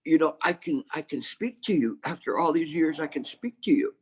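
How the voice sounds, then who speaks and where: A man's voice: a little high, expressive, moderate pace, slightly rough. A man voicing a male pet dog who has just learned to speak, pleading in a rising voice. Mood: eager.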